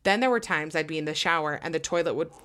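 Low-voiced woman podcast host, excitable. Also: fast talker. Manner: excitable, heavy use of "like". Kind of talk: casual chat, reading listener stories aloud.

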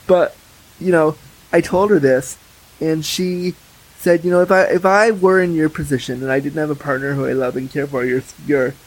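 A man's voice: on the high side, darkish tone, low-quality recording. A young man talking frankly and chattily as a podcast guest, full of fillers. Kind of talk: candid casual conversation.

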